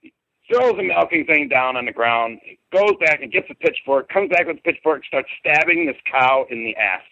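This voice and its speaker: A man's voice: a little high, animated, normal speed, pushed and bright, dry recording. A middle-aged man, a podcast guest, telling a personal story in a rambling, colloquial and emphatic way over a phone call. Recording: tinny dry phone line.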